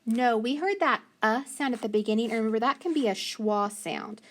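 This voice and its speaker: A woman teaching a phonics lesson, slowly and patiently sounding out letters and syllables. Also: fairly high pitch.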